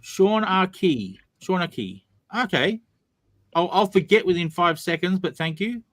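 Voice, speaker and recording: A man's voice: high voice, expressive, moderate pace, a bit bright, no room sound. Chatty man hosting, dry sound. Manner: chatty, self-mocking, joking. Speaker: host. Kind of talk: casual live-stream chat.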